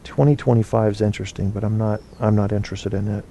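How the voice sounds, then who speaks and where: A mellow, dark-voiced man rambles through his opinions as he hosts a casual call-in show. He fills the gaps with ums and restarts and keeps things loose and chatty. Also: fairly low pitch, steady tone, fast, gravelly, slight background noise. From United States. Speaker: podcast host.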